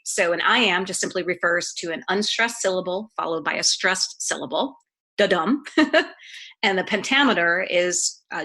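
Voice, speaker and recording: Woman, podcast guest, fairly low voice, bright tone, patient explainer, conversational, small fillers. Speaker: podcast guest, poetry author.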